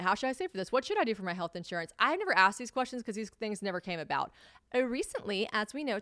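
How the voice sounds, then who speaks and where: A young adult woman hosting her own podcast, chatting casually, swearing freely and acting out quoted conversations with big jumps in pitch. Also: fairly bright tone, no echo, clean studio sound. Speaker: podcast host. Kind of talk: casual solo podcast chat.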